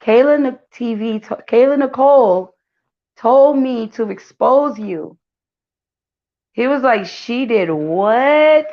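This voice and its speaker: A woman's voice: fairly high pitch, slow, long pauses. A woman hosting a casual celebrity gossip commentary, chatty and full of fillers, talking to her viewers as y'all. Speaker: gossip channel host. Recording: dull lo-fi sound.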